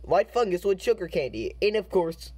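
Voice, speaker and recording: A man's voice: high voice, normal speed. A man reading funny posts and signs aloud, with dry jokey commentary and bursts of laughter. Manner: deadpan reading broken out by laughing fits. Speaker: commentary video host.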